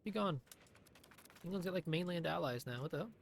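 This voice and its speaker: A man's voice: on the high side, racing, vocal fry, a little hiss or hum. A man doing live commentary on his own strategy game, talking to himself in a sarcastic, swearing way. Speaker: streamer.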